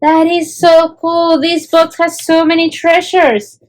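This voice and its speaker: A woman's voice: extremely high pitch, level tone, slow, rough recording. A woman hosting a children's history show, gushing and exclaiming as she shows objects and asks questions. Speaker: host of a kids' history show.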